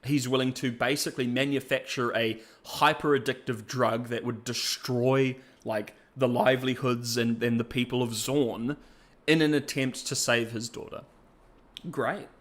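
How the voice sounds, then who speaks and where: A man's voice: mid-range voice, fairly even intonation, measured pace, fairly bright tone. Chatty man on a podcast. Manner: chatty and jokey, with playful asides. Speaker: podcast host. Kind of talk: casual podcast-style review.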